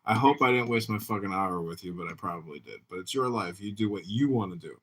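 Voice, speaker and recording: A man's voice: fairly low pitch, lively intonation, fast, fairly bright tone, husky. A man hosting a podcast in casual chat, telling stories in a blunt, profane way. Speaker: podcast host.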